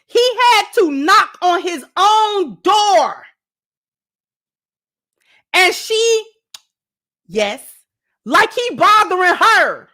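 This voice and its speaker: A woman's voice: very high voice, big pitch swings, drawn-out words, pauses often, bright, forceful tone. A woman host giving sassy, emphatic reaction commentary on a dating clip and talking straight to her viewers.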